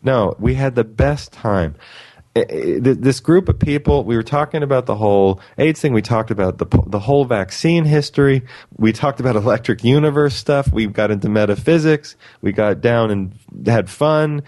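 A man's voice: mid-range voice, animated, normal speed, darkish tone. A man telling stories in a rambling, enthusiastic way on a casual talk show. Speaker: talk show guest and lecturer. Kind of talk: casual chat.

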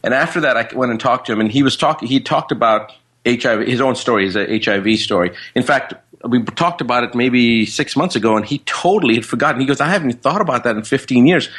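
A man speaking as a guest in a casual interview. His voice is slightly husky and his pitch sits in a middle range. He tells his story animatedly and acts out what other people said. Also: fast talker. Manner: animated, acts out quoted speech.

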